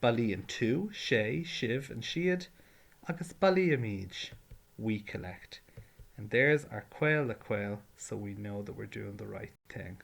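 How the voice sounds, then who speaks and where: A man's voice: on the low side, animated, a little slow, gravelly, breathy edge. A man teaching a patient, step-by-step grammar lesson. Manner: patient, explains carefully, drills verb forms. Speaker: Irish language teacher.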